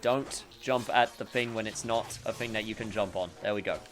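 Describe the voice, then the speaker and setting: At a normal pace, a man with a fairly low, slightly bright voice narrates his gameplay in a relaxed let's-play style. The commentary rambles, is crowded with fillers, and is full of self-interruptions.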